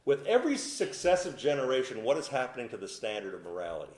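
A man preaching a sermon as pastor, swinging from loud emphatic peaks to low quiet asides, in what sounds like a church. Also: very animated, quick pace. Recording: echoey room.

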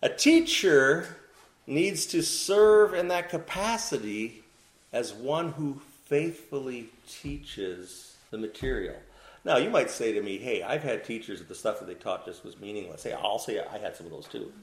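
A man's voice: medium pitch, animated, unhurried. A man preaching a sermon, asking the congregation questions and answering them himself. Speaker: pastor. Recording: echoey room.

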